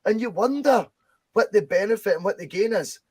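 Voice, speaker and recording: A Scottish man chatting on a football podcast, animated and full of anecdotes. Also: high-pitched, a little fast, breathy edge, no echo. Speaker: podcast co-host. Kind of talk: casual chat.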